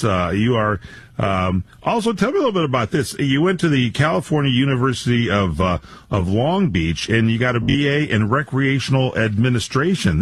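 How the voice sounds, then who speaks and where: A man's voice: mid-range voice, breathy edge. A man hosting a national radio talk show, enthusiastic and rambling, with many fillers. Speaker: radio host.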